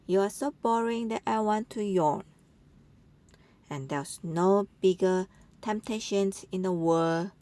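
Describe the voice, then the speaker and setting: Slow, low-pitched woman cooing over animals. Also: darkish tone. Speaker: channel narrator. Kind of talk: voice-over narration of an animal clip compilation.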